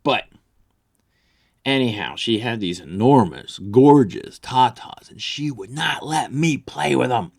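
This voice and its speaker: A man's voice: medium pitch, animated, a little slow, vocal fry. A man ranting crudely about an ex, boastful, vulgar and rambling, as a comedy vlogger.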